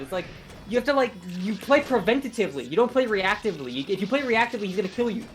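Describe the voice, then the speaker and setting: Fast-talking casual game commentator. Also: medium pitch. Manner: fast, animated, swears freely. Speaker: tournament commentator.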